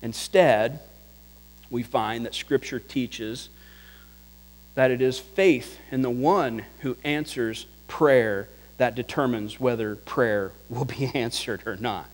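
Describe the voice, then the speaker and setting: A man preaching a sermon, telling the story with chuckles and dropping to a hush for quiet passages. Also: medium pitch, slow pace, long reverb tail, low-quality recording. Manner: animated, chuckling storyteller, drops to a hush for prayer. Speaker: pastor.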